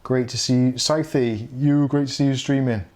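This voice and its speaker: A man in middle age hosts a relaxed evening live stream about tech. He chats loosely, reads viewer comments aloud and laughs easily, at an ordinary middle pitch. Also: moderate pace. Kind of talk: casual live stream chat.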